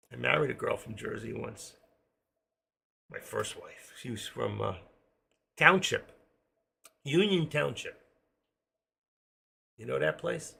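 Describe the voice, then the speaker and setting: A man's voice: mid-range voice, slow pace, creaky, pauses often, bright, forceful tone, a little hiss or hum. An older man with a New York accent and a trace of Florida, chatting casually with viewers while hosting a live trading stream from home.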